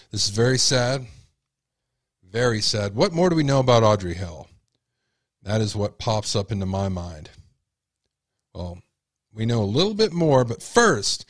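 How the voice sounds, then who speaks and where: A man's voice: on the low side, no room sound. A man hosting a casual commentary show, blunt and opinionated. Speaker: commentary host.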